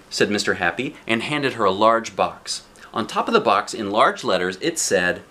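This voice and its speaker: A man reading a children's picture book aloud, animated and asking young listeners questions. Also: fairly low pitch, fairly quick, slightly rough.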